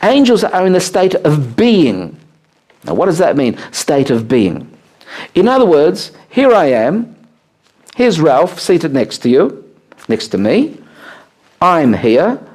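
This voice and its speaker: Animated man teaching a class. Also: slow pace, pauses often. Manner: animated, swooping pitch on key words, frequent "uh" fillers. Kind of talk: spoken teaching to a live group. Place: room with a small seated group.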